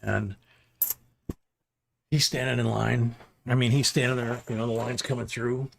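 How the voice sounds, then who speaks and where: A man's voice: mid-range voice, steady tone, a little slow, gravelly, noisy background. A middle-aged man hosting a livestream, rambling through a casual anecdote with chuckles. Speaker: livestream host.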